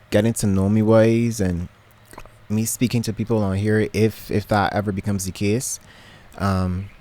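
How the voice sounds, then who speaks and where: A man's voice: on the low side, a little mellow. A young man from Barbados with a Barbadian accent, chatting to camera from his bedroom in a rambling way, full of ums and restarts. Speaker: vlogger. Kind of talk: casual chat to camera.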